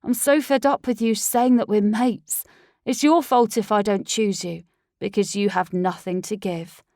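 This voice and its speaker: A woman's voice: mid-range voice, fairly even intonation, measured pace, warm tone, dry recording, studio quality, close to an everyday voice. Woman reading a scornful young alpha werewolf. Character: cold young male werewolf heir, dismissive. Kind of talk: audiobook character voice.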